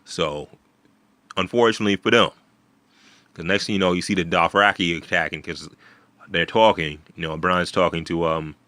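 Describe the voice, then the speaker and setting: A man with a deep voice and a forceful, bright edge talks through a TV episode. He rambles, restarts sentences and swears casually. The recording is dry, with no room sound. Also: fairly even intonation, moderate pace, long pauses, dry recording. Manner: rambling, many fillers and restarts, swears freely. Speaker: video host.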